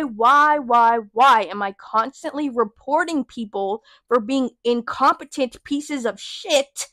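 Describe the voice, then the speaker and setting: High-voiced, heated woman venting. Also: a bit bright, no room sound. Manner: heated, profane and emphatic. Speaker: podcast host. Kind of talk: casual venting monologue.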